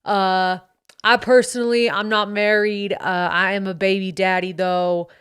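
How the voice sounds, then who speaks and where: A woman's voice: medium pitch, lively intonation, moderate pace, a bit bright, no room sound, studio quality. A woman playing a cocky young male dad influencer who talks with a faint southern twang in a swaggering, slangy, boastful way, as a comedic character monologue. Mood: braggy.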